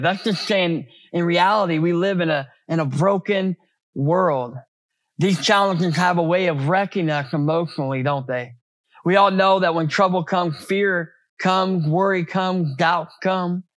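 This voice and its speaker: A man's voice: high voice, a bit bright, no echo. A man preaching a sermon as pastor, in a conversational way with many rhetorical questions and repeated words.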